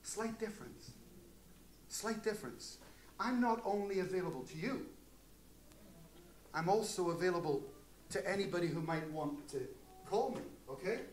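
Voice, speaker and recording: A man's voice: sits high, moderate pace, long pauses, a little hiss or hum. A man preaching a sermon as pastor, talking in a conversational way and often asking the congregation "Amen?".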